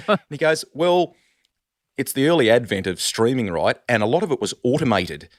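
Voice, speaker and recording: A middle-aged Australian man telling animated stories in a casual podcast chat, calling the host "mate" a lot. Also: medium pitch, normal speed, no room sound, clean studio sound. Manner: animated storyteller, says "mate" often. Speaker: sports broadcaster, guest.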